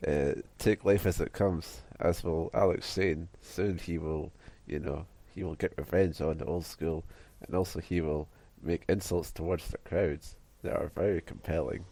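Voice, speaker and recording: Low-voiced Scottish man, rambling chat. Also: fairly even intonation, normal speed, hardly any pauses, dark tone, no room sound. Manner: rambling, hesitant, full of "like". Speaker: podcast co-host. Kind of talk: casual chat.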